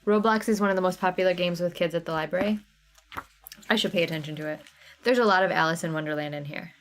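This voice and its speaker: A woman's voice: on the low side, fast talker, slight background noise. A woman hosting a live craft sale, chatting casually and answering viewers by name. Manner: chatty, reads out viewer names and chat comments. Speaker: livestream sale host.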